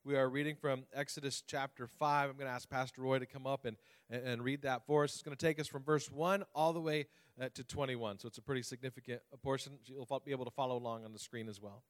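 Conversational pastor preaching a sermon. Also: male voice, medium pitch, steady tone, fast talker, smooth. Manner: conversational, poses questions to the congregation.

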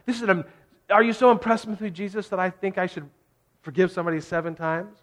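A man's voice: high-pitched, steady tone, fast talker, a bit bright, pitched above the performer's own voice. A man voicing a boastful male apostle who wants praise for his generosity. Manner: showy, fishing for approval.

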